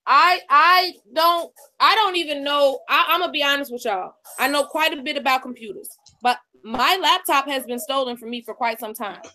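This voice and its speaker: A woman's voice: high-pitched, moderate pace, few pauses, pushed and bright. A woman co-hosting a live stream in casual commentary, emphatic and confrontational, repeating her lines for effect. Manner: profane, confrontational.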